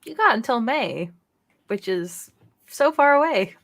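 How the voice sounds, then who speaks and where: A woman's voice: a little high, sing-song, unhurried, a bit bright. A chatty woman co-hosts a gaming podcast in easygoing talk. She laughs often and trails off while hunting for names. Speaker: podcast co-host. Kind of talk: casual chat.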